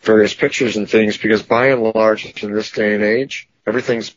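A man in a casual podcast conversation, telling stories in a measured, wordy way. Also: on the low side, steady tone, lo-fi sound. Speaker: podcast guest.

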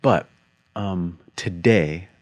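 Low-voiced man telling stories animatedly. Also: drawn-out words, no echo. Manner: animated storyteller, acts out quoted dialogue. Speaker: podcast co-host. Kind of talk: casual conversation.

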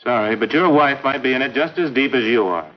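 An actor voicing a hard-nosed insurance investigator, pushy and needling, firing off his lines at a rapid clip. The audio is muffled and lo-fi, old radio broadcast quality. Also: medium pitch, expressive, lightly acted. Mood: accusing. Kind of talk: 1950s radio drama acting. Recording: dull lo-fi 1950s recording.

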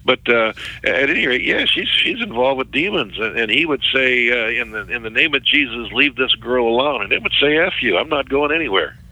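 A middle-aged man, a ministry worker, recounting a story as an interview guest in a halting way, often repeating words. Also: medium pitch, lively intonation, pushed and bright, dry recording, rough recording.

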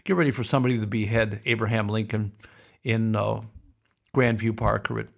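A man's voice: fairly low pitch, steady tone, fairly quick, creaky. A man hosting a podcast, telling a rambling, darkly humorous story in a casual monologue. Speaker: podcast host.

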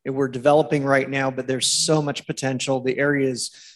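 A man speaks earnestly on a panel about his senior living campus. His delivery is flat and even, with hesitant fillers. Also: medium pitch, brisk. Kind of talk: panel interview.

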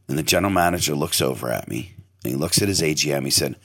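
A man's voice: rumbling low, brisk, long pauses, slightly rough. A middle-aged man, a restaurant owner, telling a long story in a casual, emphatic way and swearing now and then. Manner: animated, emphatic, profane storyteller with sudden loud bursts. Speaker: restaurant owner and podcast host.

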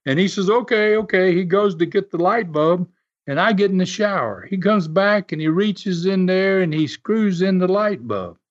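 Guy spinning old road stories, lively up-and-down voice, laughs a lot, kinda dull lo-fi audio. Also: high-pitched, normal speed. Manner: animated, laughs often, restarts sentences. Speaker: podcast host telling wrestling stories. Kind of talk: casual storytelling.

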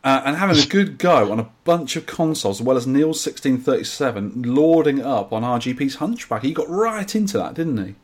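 A husky-voiced man co-hosting a podcast, chatting casually and joking as he reads out messages from listeners. His pitch swings up and down with plenty of life. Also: expressive, fairly quick, few pauses. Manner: jokey banter, reads listener messages aloud. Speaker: podcast co-host. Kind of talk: casual chat.

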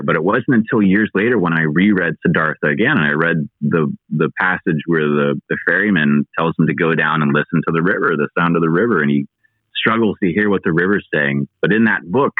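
A low-voiced man in his thirties tells a long personal story, stumbling over words and swearing freely. His voice comes through a thin, phone-like remote line. The sound is dry, with no room echo. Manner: excitable, halting, swears freely. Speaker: guest.

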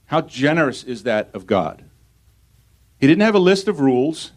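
A man's voice: a little high, animated, a little slow. A male pastor preaching a sermon, reading scripture aloud and putting rhetorical questions to his congregation.

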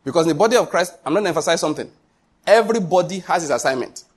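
A man's voice: a little high, lively intonation, racing, slightly rough. A man preaching a sermon as pastor, emphatic, full of repetition and rhetorical questions.

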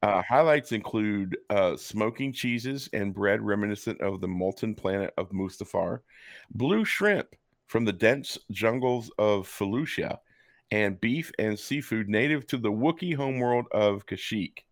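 Brief: low gravelly male co-host, dry close sound, reads with wry asides. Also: a little slow, no room sound. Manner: sarcastic asides while reading aloud. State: hiccups. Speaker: podcast co-host. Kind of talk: casual chat, reading and joking.

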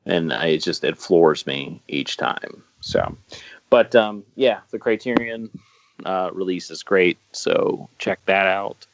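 Rambling enthusiastic man, low voice. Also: slow, vocal fry, no room sound. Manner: rambling and enthusiastic, with many restarts and fillers. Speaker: podcast co-host. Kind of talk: casual podcast chat about films. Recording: dull lo-fi sound.

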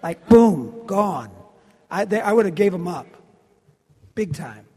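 A man, an actor, fielding fan questions at a convention panel in a loud, teasing, joking way. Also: high voice, animated, husky. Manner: brash, teasing, quick to cut people off. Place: large convention hall. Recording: echoey hall over a PA.

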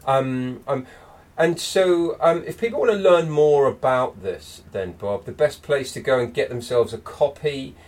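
A man's voice: medium pitch, lively intonation, measured pace, darkish tone, recorded from a distance. A man hosting a casual interview, speaking hesitantly with many ums. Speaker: podcast host.

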